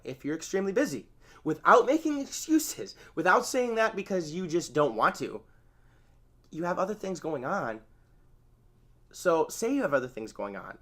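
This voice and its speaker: A man who runs a channel teaching therapy skills hosts an informal spoken lesson, talking conversationally, acting out sample phrases and correcting himself. His voice is on the high side and a bit bright, sing-song, at a moderate pace.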